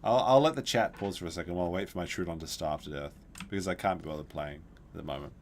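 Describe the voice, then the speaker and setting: A man's voice: deep voice, fast talker, vocal fry, a little hiss or hum. A man telling a long rambling story while streaming a game, with frequent restarts and asides. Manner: rambling, animated, with many restarts. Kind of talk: casual livestream storytelling.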